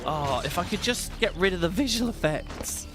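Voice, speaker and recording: A man's voice: sits high, animated, normal speed, noisy background. A man hosting a gaming video, giving rambling, opinionated playthrough commentary. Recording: game music behind voice.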